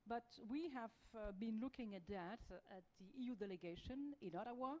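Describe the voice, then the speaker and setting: A woman's voice: a little high, brisk, darkish tone, low-quality recording. A woman with a French accent speaking as an EU diplomat on a panel, hesitant, with many fillers and restarts. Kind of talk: panel discussion.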